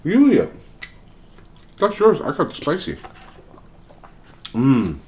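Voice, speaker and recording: Very low-voiced woman chatting while eating. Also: wildly swooping pitch, takes it slowly, darkish tone. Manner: chatty and coaxing, with many eating murmurs. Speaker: mukbang vlogger eating with her child. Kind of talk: casual eating vlog chat.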